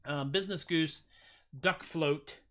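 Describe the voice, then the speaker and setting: A man's voice: a little high, slow, fairly bright tone. A man hosting his own music livestream, chatting casually between songs in rambling, self-deprecating asides. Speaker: singer-songwriter host. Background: guitar strumming.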